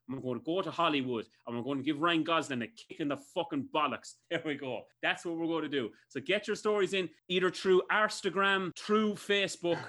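Irish male co-host, slightly high pitch, excitable and jokey, casual banter on a video call. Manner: excitable, joking, laughs a lot. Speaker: podcast co-host.

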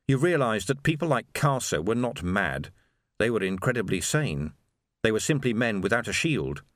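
A man narrating an audiobook in an expressive, animated storytelling manner. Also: fairly low pitch, no echo, studio quality. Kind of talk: scripted narration.

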